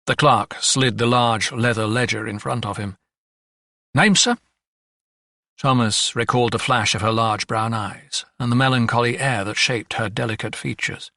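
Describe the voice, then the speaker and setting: A man narrating an audiobook in a measured, even storytelling manner. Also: medium pitch, vocal fry, no room sound, clean studio sound. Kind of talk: scripted narration.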